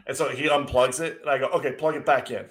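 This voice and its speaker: Middle-aged man, casual podcast co-host, animated sarcastic storyteller, mid-range voice. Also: medium pitch, fast talker.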